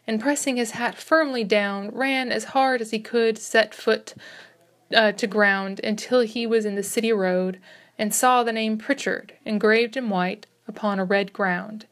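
A woman narrating a classic short story as an audiobook reader, in a measured, expressive reading. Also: a little high.

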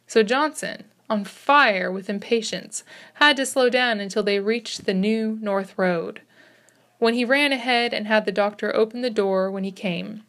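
A woman narrating a classic short story as an audiobook reader, in a measured, expressive reading. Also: mid-range voice.

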